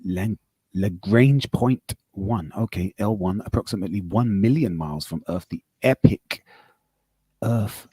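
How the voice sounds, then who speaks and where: A man's voice: lowish voice, unhurried, mellow, husky, no room sound. A man on a live podcast call, arguing casually, swearing and reading aloud off his screen. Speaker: podcast host.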